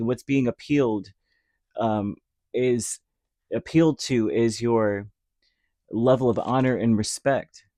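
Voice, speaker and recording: A man's voice: medium pitch, dark tone, dry recording, clean studio sound. Chatty man giving a tarot reading. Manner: rambling, filler-heavy, acts out little imagined quotes. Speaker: tarot reader. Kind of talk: casual tarot reading monologue.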